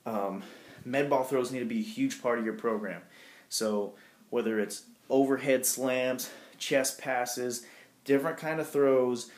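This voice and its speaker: A strength coach speaking off the cuff to young athletes, loose and informal, with fillers and mild swearing. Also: male voice, mid-range voice. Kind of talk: casual training talk to athletes. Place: gym. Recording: echoey room.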